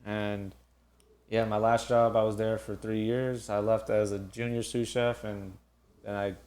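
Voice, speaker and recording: A man, a sous chef, talking about his kitchen career in a relaxed, casual podcast chat. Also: lowish voice, measured pace.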